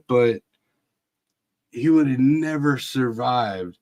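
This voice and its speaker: A middle-aged man telling a casual story, swearing freely, and shouting out quoted lines. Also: mid-range voice, measured pace. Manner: profane, laid-back storytelling with shouted quotes. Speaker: podcast host. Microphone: video call.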